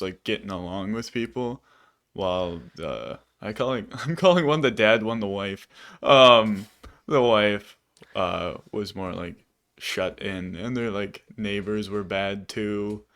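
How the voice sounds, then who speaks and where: Low-voiced rambling male podcast host. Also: a bit bright, clear, resonant tone. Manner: rambling, many fillers. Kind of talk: casual movie review chat.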